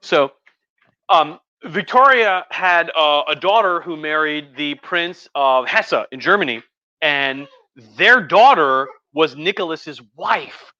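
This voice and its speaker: A man's voice: fairly high pitch, expressive, slow pace, bright, forceful tone, no echo, lo-fi sound. A drunk male history professor giving a rambling, profane, chatty livestream lecture from home, with many restarts.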